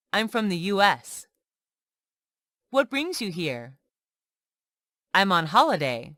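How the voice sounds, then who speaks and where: A woman reading everyday English example sentences one by one for learners, slow and clear. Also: medium pitch, no echo, clean studio sound. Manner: slow, clear, lively intonation on questions. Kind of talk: slow scripted reading of phrases.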